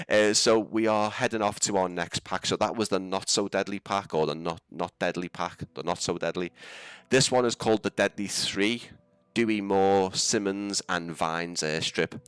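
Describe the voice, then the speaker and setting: A man's voice: low-pitched, a little slow, fairly bright tone, clean tone, no echo, clean studio sound. A young man with a Scouse accent, rambling and laughing as he chats through a live stream. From England. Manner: chatty, rambling, laughs often. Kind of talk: casual live-stream chat.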